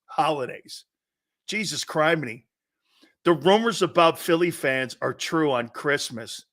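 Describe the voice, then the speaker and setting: A man hosting a sports talk show, telling stories loudly and laughing often between lines. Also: a little high, unhurried. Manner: loud, laughing, storytelling.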